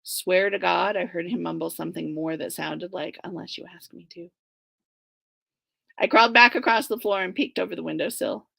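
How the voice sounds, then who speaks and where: A woman guest author giving an animated, expressive reading from her own novel, with some whispered asides, over a video call. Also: fairly low pitch, brisk, creaky, hardly any pauses, no echo.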